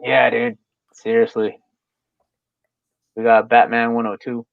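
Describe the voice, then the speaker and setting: A young man chatting casually on a live stream, laid-back and quick to laugh, with lots of fillers. His voice sits at a middling pitch. The sound is dry and a bit dull, like a lo-fi mic. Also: level tone, gravelly, no room sound. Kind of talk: casual chat.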